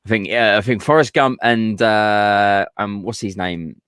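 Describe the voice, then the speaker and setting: A man's voice: lowish voice, a little slow, fairly bright tone, smooth, dry recording, studio quality. A man co-hosting a casual chat, asking wandering, thoughtful questions.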